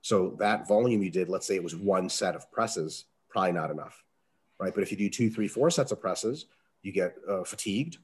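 A man answering interview questions as a strength coach, talking casually, with salty language and lively acted-out quotes. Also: sits low, normal speed, husky. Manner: profane, animated, acts out quoted dialogue.

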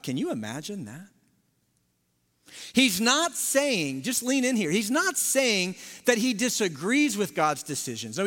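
A man preaching a sermon as lead pastor, swinging from loud emphasis to hushed near-whisper, with conversational asides to the congregation. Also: high-pitched. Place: large church sanctuary. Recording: long hall reverb in a large sanctuary.

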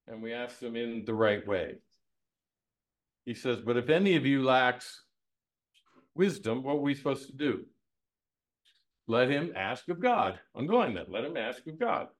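A man teaching a Bible lesson. He quotes scripture and asks and answers his own questions. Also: medium pitch. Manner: asks questions and answers them, repeats key phrases, quotes scripture, laughs softly.

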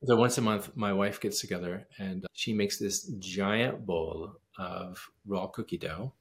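Man with a gravelly voice telling a lively story. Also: low-pitched, measured pace. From United States. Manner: animated storyteller acting out quoted dialogue. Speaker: pianist and composer, guest. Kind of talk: casual interview storytelling.

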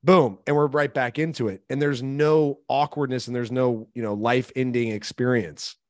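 A man hosting a podcast in casual chat, animated and profane, acting out quoted voices as he talks. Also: mid-range voice, moderate pace, dry recording, clean studio sound. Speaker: podcast host.

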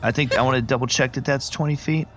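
A man playing a tabletop game, excitable and quick to swear and laugh. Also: mid-range voice, faint music behind. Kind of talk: casual game-night chat.

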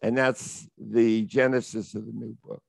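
Slow gravelly American man telling a tale. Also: medium pitch, dry recording, studio quality. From United States. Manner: vivid, reflective, rising into excitement. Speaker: guest storyteller, author. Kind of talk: animated adventure anecdote.

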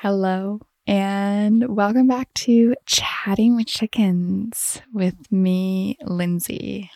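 A woman's voice: mid-range voice, fairly even intonation, extremely slow, dark tone, no room sound, clean studio sound. A woman hosting a podcast, telling heartfelt stories about her farm animals in a tender, emotional way. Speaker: podcast host.

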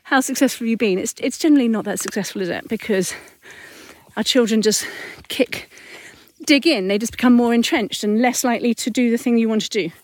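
A woman with a high, light voice talks through a parenting story in a candid, chatty way, correcting herself as she goes. She is walking uphill outdoors. The sound is close and dry. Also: brisk, darkish tone, dry recording. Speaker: parenting podcast host and mother. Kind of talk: casual reflective monologue. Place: outdoors, walking up a hill at dusk.

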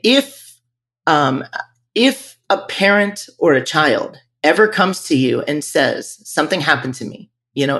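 The voice belongs to a man from northern Virginia, a little high and a bit bright. As the owner of a music school, he talks candidly and reflectively during a podcast interview, with frequent restarts mid-sentence.

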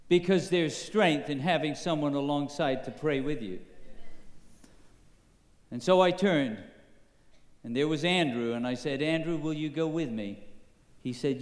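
A man preaching a sermon, telling a story slowly and building to emphatic high points. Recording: echoey hall with long reverb.

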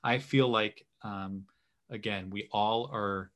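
A male host with a fairly low voice leads an interview. His questions wander and run long, packed with fillers and restarts. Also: steady tone, takes it slowly. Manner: rambling questions with many fillers. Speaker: podcast host. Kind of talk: casual interview talk.

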